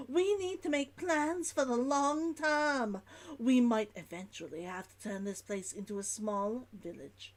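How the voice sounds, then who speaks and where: A woman reading out a weary stranded merchant's log in a put-on Old London accent, dropping her H's with a theatrical Victorian delivery. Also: high-pitched.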